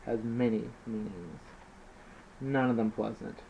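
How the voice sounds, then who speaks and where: Reading his own story as an amateur narrator, this man speaks in a steady, unhurried tone from the lower end of his range. His delivery is plain with occasional slips, captured on a dull lo-fi recording with faint hiss.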